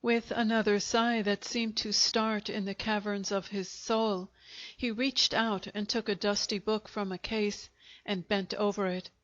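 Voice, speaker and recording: In a dull, lo-fi recording, an audiobook narrator reads a scripted short story aloud. She has a medium pitch and keeps her storytelling steady and measured.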